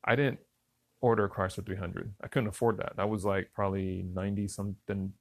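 A middle-aged man casually telling a personal story in a relaxed, conversational way, talking straight to his listeners. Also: lowish voice, a little fast, dry recording. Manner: relaxed, conversational, addresses listeners as y'all and fellas.

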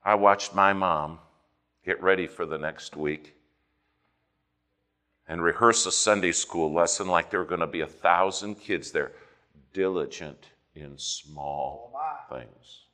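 A male preacher giving a sermon, telling a personal story in an animated way and swinging between quiet and loud passages. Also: low-pitched, a little slow, long pauses.

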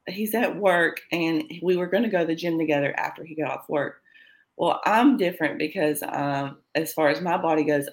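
Woman, interview guest, personal storytelling, acts out quoted lines. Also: low-pitched. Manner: tells events in present tense, acting out quoted lines.

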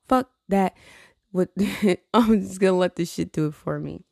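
A woman's voice: lowish voice, measured pace, vocal fry, darkish tone, no echo, clean studio sound, faint music behind. A tired woman venting in a casual chat, blunt and profane, rambling with frequent laughs. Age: adult with a teenage niece. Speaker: vlogger.

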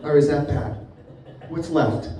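A man's voice: a little high, unhurried. Laughing male stand-up comic in an echoey room. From Boston. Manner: profane, laughing at his own jokes. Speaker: stand-up comedian. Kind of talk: stand-up comedy set. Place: comedy club stage with live crowd. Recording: echoey, distant, noisy room recording.

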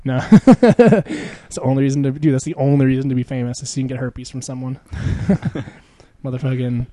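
A man's voice: mid-range voice, moderate pace, dark tone, no echo. A man co-hosting a podcast, chatting casually in a rambling, profane way and laughing often as he tells stories. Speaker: podcast co-host.

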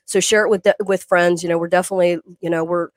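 A woman's voice: on the low side, steady tone, quick pace, dry recording. Earnest rambling woman podcast co-host. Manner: rambling, earnest, many fillers and restarts. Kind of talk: casual podcast chat. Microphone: video call.

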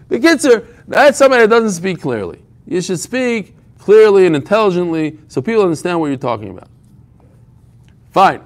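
A man's voice: high voice, very animated, a little fast. A man teaching an informal Talmud class, telling the story with humor and frequent restarts.

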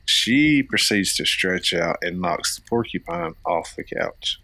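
In a casual storytelling chat, a podcast co-host from Florida in his thirties rambles through family anecdotes, restarting often and using lots of fillers. He sounds animated, with a low voice, a sharp tone, and a slightly slow pace. No echo is present.

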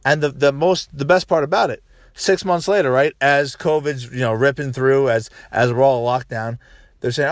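Casting: man, mid-pitched, ranting monologue, swears freely, dry close-miked sound. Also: moderate pace, dry recording. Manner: profane, animated, ranting; frequent "right?" tags and restarts. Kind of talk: casual political monologue.

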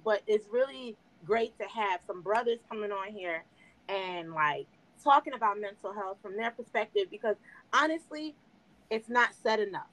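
An excitable woman hosting a casual podcast, chatting with lots of fillers. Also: mid-range voice. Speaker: podcast host.

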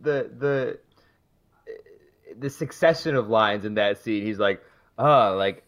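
Lower-voiced male co-host, jokey and loose, casual swearing. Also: takes it slowly. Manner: joking, swears casually, laughs. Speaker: podcast co-host. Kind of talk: casual movie recap chat.

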